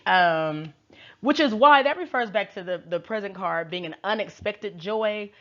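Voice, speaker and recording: Speaking unhurriedly at a medium pitch, a woman who reads tarot gives a casual, wry recap full of slang and chatter. The recording is dull and lo-fi.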